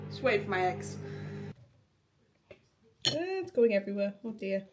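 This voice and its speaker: A woman's voice: medium pitch, moderate pace, over music. A young woman with a faint Northern English accent, chatting casually through her day in a home vlog, swearing freely and laughing often. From Liverpool, England. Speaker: vlogger. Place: home kitchen and flat, indoors. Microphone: handheld phone or camera.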